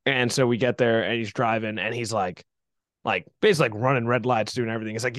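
A man's voice: medium pitch, fast, a bit bright, no room sound, studio quality. A young man co-hosting a podcast, telling stories in a rambling casual way with lots of fillers. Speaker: podcast co-host. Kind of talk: casual chat.

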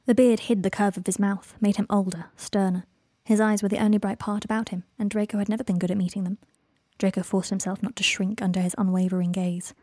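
Woman reading fanfic aloud, expressive, mid pitch, super dry close mic. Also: fast, dry recording. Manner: expressive narration. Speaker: reader. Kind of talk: fan fiction audiobook reading.

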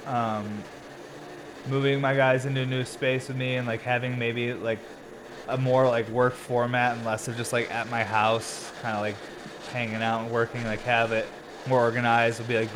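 A man's voice: medium pitch, noisy background. A young man hosting a solo podcast, rambling in a laid-back, stoned way, full of filler words and casual swearing. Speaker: podcast host and glass blower.

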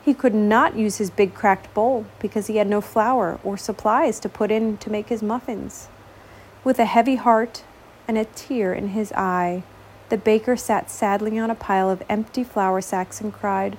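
Brief: gentle storybook narrator, woman, slow and expressive, gently dramatic. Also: medium pitch, a little hiss or hum. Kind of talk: storybook read-aloud.

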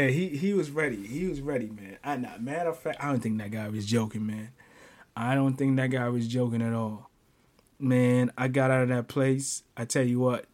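A man hosting a podcast, telling a personal story in casual chat, animated, often stammering and breaking into laughter. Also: mid-range voice. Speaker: podcast host.

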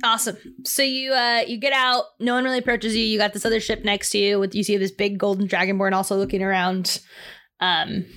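A woman's voice: mid-range voice, flat delivery, fairly quick, a bit bright. A woman narrating as dungeon master in a tabletop game, casual and laid-back.

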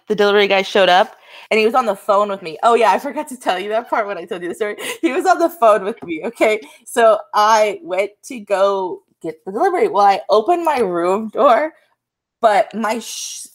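A young woman co-hosts a casual podcast and speaks at a mid-range pitch. She tells her story in a relaxed way and fills it with frequent ums. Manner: laid-back storyteller, filler-heavy. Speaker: podcast co-host. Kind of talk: casual chat.

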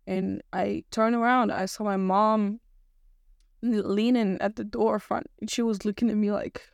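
Young female podcast host, casual rambler, fry in the voice, dead dry sound. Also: medium pitch, little pitch movement, moderate pace, dry recording. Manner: rambling, full of fillers and restarts. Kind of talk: casual solo podcast chat.

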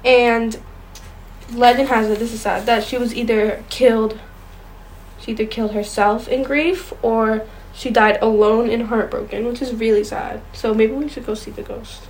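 A woman's voice: fairly high pitch, steady tone, moderate pace, a little mellow, slight background noise, low-quality recording. A young woman co-hosting a casual chat show, reading ghost stories aloud and stumbling over words now and then. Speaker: podcast co-host.

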